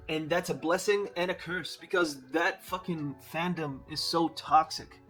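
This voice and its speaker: A man giving casual, profane, animated commentary as a movie reviewer, slangy and laughing at his own jokes. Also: on the high side.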